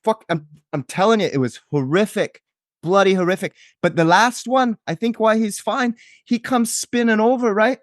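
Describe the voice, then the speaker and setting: A man's voice: high voice, moderate pace, no room sound, clean studio sound, lightly acted. A man voicing a shocked, foul-mouthed neighbor witness, rambling and repeating himself. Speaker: podcast co-host. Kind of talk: improvised comedy sketch.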